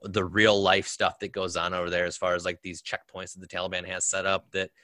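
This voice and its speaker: A man's voice: sits low, little pitch movement, a little fast, bright, forceful tone, dry recording. A man, a military veteran guest, telling stories in casual conversation with many fillers.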